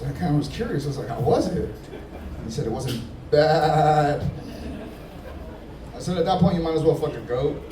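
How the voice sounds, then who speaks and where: A man doing loose, laughing stand-up crowd work, teasing the audience from a comedy club stage. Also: medium pitch. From Middle Eastern heritage, Persian father. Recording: echoey room, distant, noisy crowd.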